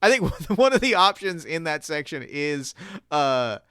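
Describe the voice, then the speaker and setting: A man chatting as a guest on a podcast, animated and rambling with frequent restarts. His voice is smooth and clear, recorded dry and close in a studio. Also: fairly high pitch, measured pace, dry recording. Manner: animated, lots of filler words and restarts. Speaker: guest author. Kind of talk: casual podcast chat.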